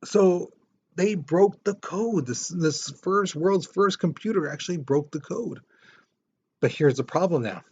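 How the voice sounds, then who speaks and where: A man's voice: on the high side, unhurried, a little mellow, a little hiss or hum. A man teaching a history lesson in a casual, conversational way, often repeating words as he explains. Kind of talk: classroom lecture. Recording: slightly dull lo-fi recording.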